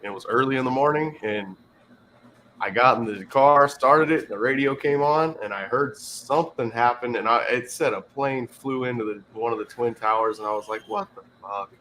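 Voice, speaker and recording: Man in his forties, bright tense voice, joking casual chat, faint noise. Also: mid-range voice, moderate pace, low-quality recording. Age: 40s. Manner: joking, teasing. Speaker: podcast co-host.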